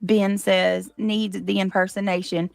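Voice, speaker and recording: A woman's voice: mid-range voice, level tone, measured pace, gravelly, a little mellow, no room sound, faint music behind. A woman hosting a livestream, chatting casually, reading chat comments aloud and laughing often. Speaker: livestream host.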